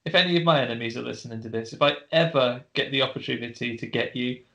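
A man's voice: medium pitch, fast talker, creaky, sharp tone, poor audio. A man co-hosting a casual podcast, chattily retelling a film's plot. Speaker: podcast co-host. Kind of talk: casual film recap.

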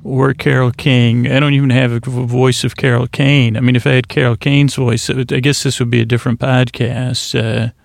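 A man hosting a bedtime podcast, rambling in a creaky, self-deprecating, meandering way with lots of fillers. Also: medium pitch, flat delivery, a little fast, hardly any pauses, dry recording. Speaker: podcast host.

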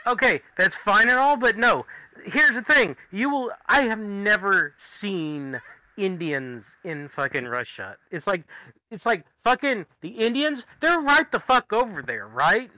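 High animated young man, swearing. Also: measured pace, dry recording, poor audio. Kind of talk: casual chat among friends.

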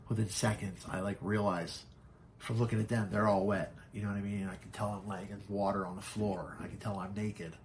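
A man telling his own story as a podcast guest, frank and halting, swearing often. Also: fairly low pitch, little pitch movement, slight background noise. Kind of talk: candid personal storytelling.

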